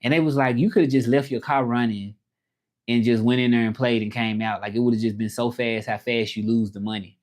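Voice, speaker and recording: Broadcasting casually from home in Mexico, a male livestream host rambles, starts over, and reads viewers' chat messages out loud. His voice sits at medium pitch, with fairly even intonation, a brisk pace, and a slightly mellow quality.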